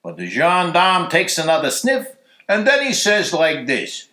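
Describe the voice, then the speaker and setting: Male story reader, animated, bright tone, echoey church sanctuary. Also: a little high, measured pace. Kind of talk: reading a story aloud.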